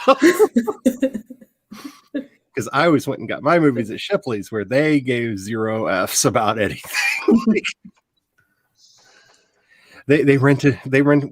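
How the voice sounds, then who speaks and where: A man in his forties hosting a casual chat, telling animated stories, laughing often and acting out quotes. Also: mid-range voice, dry recording. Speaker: host.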